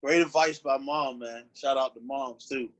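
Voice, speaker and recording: A man's voice: mid-range voice, fairly even intonation, normal speed, a bit bright, lo-fi sound. A man hosting an interview, asking questions casually and encouragingly. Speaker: podcast host.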